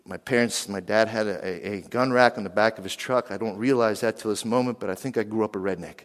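A man from western Pennsylvania preaching a sermon, lively, and he keeps asking the crowd questions. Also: lowish voice, fast talker, background noise. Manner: animated, asks the crowd questions. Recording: long hall reverb.

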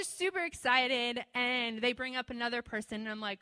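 A woman shares a testimony in an easygoing, conversational way, scattering fillers through her sentences. Her voice sits a little high and rings bright and clear. She slips into a lifted, animated voice when she acts out her own prayers. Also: normal speed, in a large hall. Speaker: speaker sharing a testimony. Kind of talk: testimony storytelling.

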